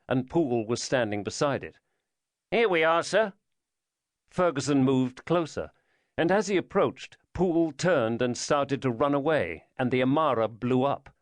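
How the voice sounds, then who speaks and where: A man narrates a thriller audiobook in a measured, steady reading voice of middling pitch. The recording is close and dry, with no room sound at all. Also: no echo. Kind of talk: scripted narration.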